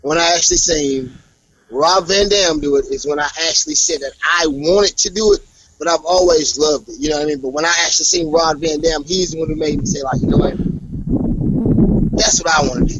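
Hyped-up wrestler with a gravelly voice. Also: male voice, brisk, lo-fi sound, a little hiss or hum. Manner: hyped, animated, promo-style trash talk with big pitch jumps. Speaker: professional wrestler. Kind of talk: casual interview over a call.

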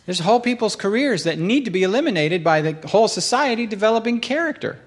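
A man with a high-pitched voice delivers a relaxed, conversational sermon. He tells stories with animated swings between quiet asides and sudden high outbursts, often laughing at himself. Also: fast talker, husky. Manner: self-deprecating, laughs at himself. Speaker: pastor. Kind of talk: casual sermon storytelling.

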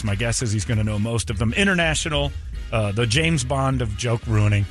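A man's voice: medium pitch, expressive, fairly quick, over music. Joking, ranting male radio host. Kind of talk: casual morning radio banter.

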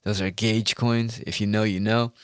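A man's voice: lowish voice, flat delivery, normal speed, clean tone, no room sound, clean studio sound. A man talking straight to his audience in a rambling, heated monologue, full of swearing. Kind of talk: casual ranting monologue.

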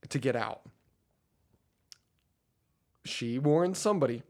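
A man co-hosting a casual movie podcast, rambling and animated as he talks. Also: fairly high pitch, a little slow, pauses often. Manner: rambling, animated, laughs often. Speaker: podcast co-host.

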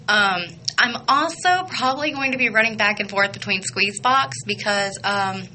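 A young woman hosting a radio show, chatting excitedly and rambling with lots of fillers. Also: medium pitch, moderate pace, a little hiss or hum, poor audio. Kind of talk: casual chatty radio intro.

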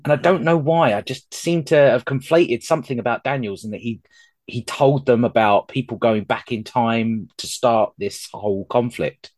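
A man's voice: mid-range voice, moderate pace, a little mellow, no echo. A young man chats loosely as a podcast host, circling his points with ums and false starts. His voice sits in a middle range and the recording is close and dry, with no room around it. He pokes fun at himself as he goes. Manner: rambling, self-deprecating, many ums and restarts. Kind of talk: casual podcast chat.

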